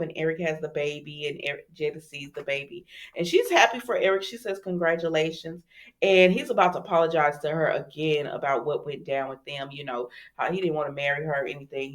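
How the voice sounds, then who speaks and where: A woman hosting a casual recap channel, retelling a soap episode in an animated, chatty way, talking straight to her viewers and acting out the characters' lines. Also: deep voice. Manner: animated storytelling, talks straight to viewers, acts out quotes. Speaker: soap opera recap host.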